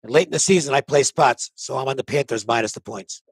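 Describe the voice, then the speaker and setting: A man's voice: medium pitch, fast, breathy edge, no room sound, low-quality recording. An older man with a New England accent, giving his sports betting picks on a panel show in a plainspoken way. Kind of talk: casual panel talk.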